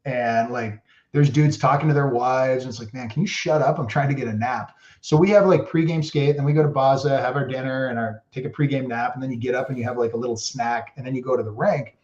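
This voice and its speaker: A former hockey player, guesting on a podcast, tells casual stories in a loose, rambling way and keeps leaning on "like." His mid-pitched voice is darkish with fairly even intonation, and he talks fast with few pauses. The podcast mic gives roomy, dull, lo-fi audio.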